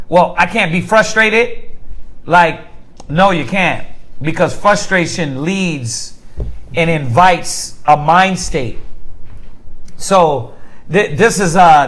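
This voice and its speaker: A man's voice: fairly high pitch, poor audio. A man leading a casual Bible class, talking informally and often asking the group "right?". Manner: conversational, asks the group rhetorical questions; informal slang, repeats words as he restarts.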